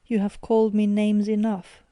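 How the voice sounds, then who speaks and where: A woman's voice: mid-range voice, completely flat delivery, normal speed, warm tone, no room sound, studio quality, lightly acted. A woman voicing a proud young man who defiantly refuses to explain himself to his father. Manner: defiant, indignant.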